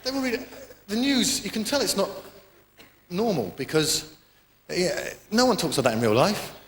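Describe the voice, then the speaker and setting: A man's voice: sits high, lively intonation, normal speed, a little hiss or hum. A man from Britain doing a stand-up routine, sardonic and profane, with rambling asides. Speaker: stand-up comedian. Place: comedy venue with live audience. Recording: echoey live venue, audience laughter.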